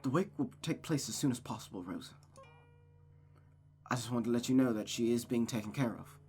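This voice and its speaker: A visual novel player voicing a gentle young man with a put-on accent who speaks softly and hesitantly, with faint guitar music behind. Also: medium pitch, brisk, close to an everyday voice. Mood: concerned.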